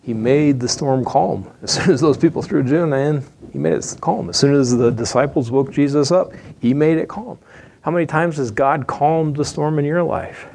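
A man's voice: fairly high pitch, moderate pace, vocal fry, darkish tone. Folksy man preaching. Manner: folksy, humorous, conversational storytelling. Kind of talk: sermon.

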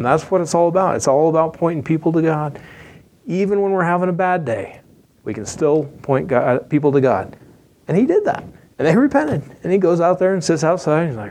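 A man's voice: on the high side, sing-song, moderate pace, creaky, a little mellow. A man preaching a sermon in a folksy, humorous, conversational storytelling way.

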